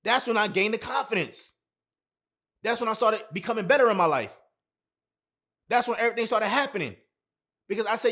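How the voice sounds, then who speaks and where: High-voiced man giving punchy pep talk. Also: animated, fairly quick, pauses often, pushed and bright. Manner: emphatic and repetitive, heavy slang. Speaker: relationship advice vlogger. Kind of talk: motivational advice talk to camera.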